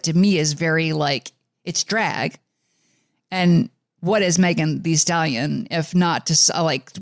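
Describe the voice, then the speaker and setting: A man's voice: fairly high pitch, vocal fry, a bit bright, no room sound, clean studio sound. A man from the New York suburbs co-hosting a music podcast in a rambling casual chat, full of fillers and restarts. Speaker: podcast co-host.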